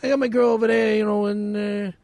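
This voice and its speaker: A high, gravelly male voice, gruff and quick to argue. He trades jabs in loose comedic podcast banter. The sound is dry and close. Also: steady tone, darkish tone, no echo. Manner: gruff, argumentative, swears. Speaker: podcast co-host.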